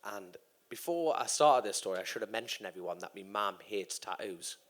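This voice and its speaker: Speaking quickly in a fairly low, fairly bright voice with lively intonation, a man in his thirties tells a long, sweary anecdote. He's a guest racer on stage at a live podcast event, and he performs the quoted voices of everyone in the story.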